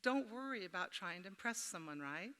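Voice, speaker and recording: A woman's voice: mid-range voice, lively intonation, fairly quick, bright, forceful tone. A middle-aged woman giving a folksy, chatty workshop talk at a women's church camp, telling homey stories and joking with the audience. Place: camp meeting hall. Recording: echoey hall.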